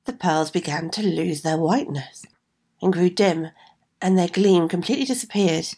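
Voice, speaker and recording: Woman, slightly low, reads fairy tale aloud, friendly asides. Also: moderate pace, a little mellow, breathy edge. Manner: chatty asides to listeners. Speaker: storyteller.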